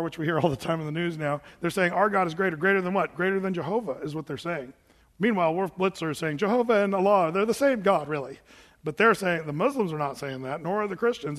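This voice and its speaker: American man, pastor, chatty sermon with asides, high voice, reverberant church. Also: quick pace, fairly bright tone. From United States. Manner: conversational preaching with asides and restarts. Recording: long hall reverb.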